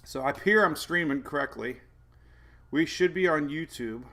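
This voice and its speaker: Hosting a live weather stream from home, this man chats casually, rambling and joking at his own expense with frequent laughs. His voice is a little high, pushed and bright, moving at normal speed.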